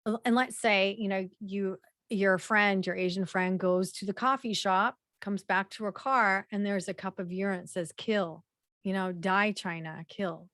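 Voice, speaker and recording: A woman presenting a slideshow workshop in a conversational way, with frequent fillers and repeated throat clearing. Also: mid-range voice, steady tone, moderate pace, a bit bright, no room sound, studio quality.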